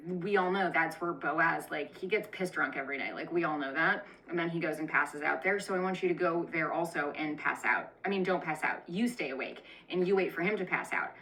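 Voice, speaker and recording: Conspiratorial, bossy older confidante, voiced by a woman comic; lowish, bright. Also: a little fast, few pauses, distant mic, rough recording. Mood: scheming. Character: scheming mother-in-law, bossy confidante.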